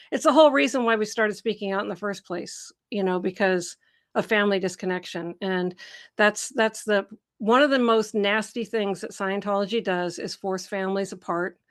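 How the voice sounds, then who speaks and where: A bubbly middle-aged woman hosts a live Q&A stream, laughing often while she greets viewers and goes through their comments. She's from the Seattle area, USA, and speaks in a mid-range voice at normal speed.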